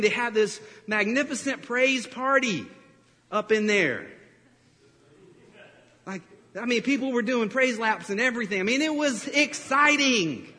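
Man, pastor, sermon, animated storytelling, high voice, church hall reverb. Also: a little slow. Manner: animated storytelling with laughs and acted-out quotes.

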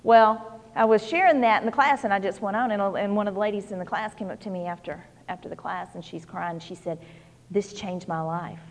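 A woman's voice: medium pitch, fast talker, hardly any pauses. Folksy woman preaching in a hall. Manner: conversational, folksy storytelling with many "you know"s. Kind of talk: sermon.

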